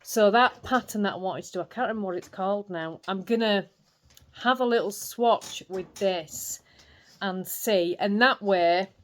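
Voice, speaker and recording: A woman's voice: mid-range voice, moderate pace. Chatty Yorkshire woman vlogging. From England. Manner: chatty, laughs often. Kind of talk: casual chat.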